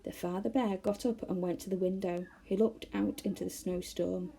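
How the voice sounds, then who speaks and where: A woman reading a children's novel aloud to schoolchildren, expressive and animated. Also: medium pitch, normal speed, vocal fry. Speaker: storyteller for schoolchildren.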